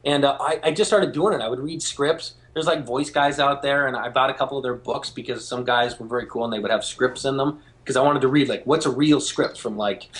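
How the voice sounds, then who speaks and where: A man being interviewed as a guest, telling stories in an animated way and acting out the voices of people he quotes. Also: mid-range voice, fairly quick, few pauses. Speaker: guest, game show host. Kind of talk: phone interview, storytelling.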